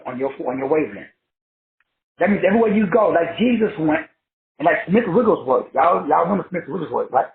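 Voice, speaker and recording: A man called Doc giving a motivational class, preachy and profane, riffing in rhymes as he teaches. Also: fairly high pitch. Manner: preachy, profane, rhyming riffs. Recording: tinny phone-like sound in an echoey room.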